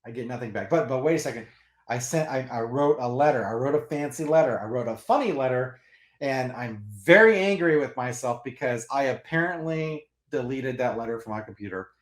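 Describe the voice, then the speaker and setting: A man hosting a comics channel, telling a long story in a casual, animated and rambling way with restarts and laughs. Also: medium pitch, a little fast. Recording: roomy echo.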